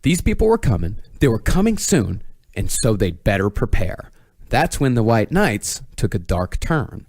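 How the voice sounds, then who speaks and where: A man hosting a podcast, reading a scripted true-crime story in a measured storytelling manner with dry asides. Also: on the low side, very animated, a little mellow, dry recording. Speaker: podcast host telling the story.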